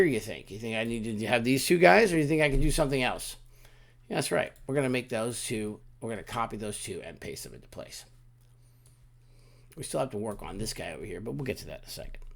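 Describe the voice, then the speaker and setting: Gravelly man walking through software steps. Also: medium pitch. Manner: relaxed, talks through each click, frequent restarts and asides. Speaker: software tutorial instructor. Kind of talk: screen-recorded software walkthrough.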